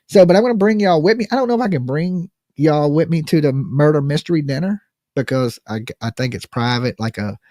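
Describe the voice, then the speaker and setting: A man's voice: mid-range voice, warm tone, no room sound, clean studio sound. A man hosting a live call-in stream, chatting casually and profanely, joking at his own expense and saying "okay" often. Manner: joking, self-mocking. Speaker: live call-in show host. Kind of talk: casual rambling livestream chat.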